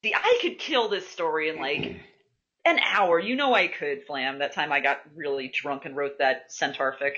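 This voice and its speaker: A woman's voice: deep voice, normal speed. A woman hosting a podcast, chatting casually and swearing freely as she tells stories. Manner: animated, swearing, laughing storyteller. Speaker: podcast host. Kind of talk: casual chat. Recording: dull lo-fi podcast audio.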